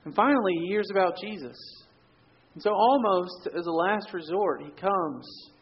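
Man, pastor, conversational sermon, husky, dull muffled recording. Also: sits high, moderate pace. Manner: conversational storytelling, drops to quiet for emphasis.

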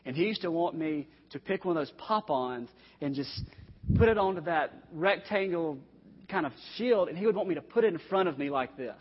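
A man's voice: on the high side, expressive, fairly quick, husky. A man preaching a sermon to his congregation, earnest and direct, speaking straight to his listeners. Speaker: pastor. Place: church sanctuary. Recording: dull, echoey recording in a long-reverb hall.

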